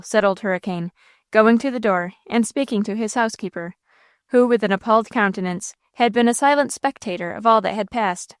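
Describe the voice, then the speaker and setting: A woman narrating a classic novel aloud in a measured, expressive way on a close mic. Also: medium pitch, clean tone, no room sound. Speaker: audiobook narrator. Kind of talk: scripted audiobook narration.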